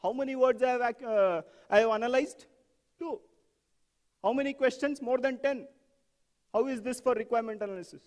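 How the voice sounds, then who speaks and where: A man giving an animated conference talk on software testing, asking the audience questions and acting out examples. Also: very high voice, moderate pace, long pauses, in a large hall.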